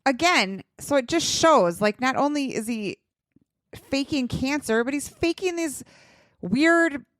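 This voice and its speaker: A woman's voice: sits high, expressive, unhurried, a bit bright, no echo. A woman co-hosting a true-crime podcast, chiming in with agreements and questions in casual chat. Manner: chimes in with short agreements and questions. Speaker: podcast co-host.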